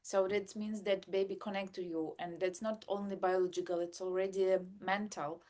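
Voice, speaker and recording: Woman halting over her words. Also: medium pitch, steady tone, dark tone. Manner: halting, searching for words in simple English. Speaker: podcast co-host, mother of a baby. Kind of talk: casual podcast chat.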